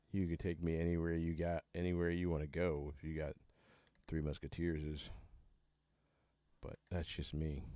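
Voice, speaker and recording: A man's voice: low voice, darkish tone, no room sound. A man chatting loosely on a livestream, rambling and joking with plenty of swearing. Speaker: band member hosting a live hangout. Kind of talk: casual livestream chat.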